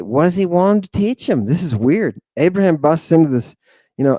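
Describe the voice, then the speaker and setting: A man's voice: a little high, animated, fairly quick, warm tone, no room sound. A man giving a lecture to his viewers in a theatrical, exclamatory manner, with many sighs and asides. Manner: theatrical, sighing, exclamatory, addresses viewers as "people". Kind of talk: livestream lecture.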